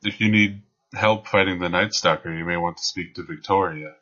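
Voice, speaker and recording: A man voicing a dry-witted male paladin knight with a deadpan, matter-of-fact delivery, in a tabletop game. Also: low voice, moderate pace. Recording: lo-fi dull recording.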